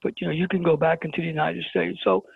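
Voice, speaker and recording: A man's voice: fairly high pitch, little pitch movement, quick pace, gravelly, husky, no room sound. A middle-aged man from Brooklyn, a show guest telling a story and acting out the exchanges. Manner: dramatic retelling with quoted exchanges. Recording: tinny phone line.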